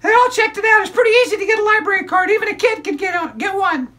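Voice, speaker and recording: A man voicing a perky, chatty female puppet sidekick who tells stories eagerly in a children's puppet show. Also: bright, forceful tone. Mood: excited. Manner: eager, rushing storyteller, high squeaky voice.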